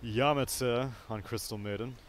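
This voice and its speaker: A man doing live esports commentary with measured, analytical remarks. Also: mid-range voice, fairly even intonation. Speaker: esports caster.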